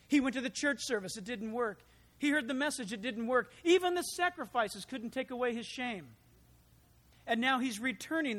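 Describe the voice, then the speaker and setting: A man preaching a sermon in an animated, conversational way, full of asides and rhetorical questions. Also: very high-pitched. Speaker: pastor.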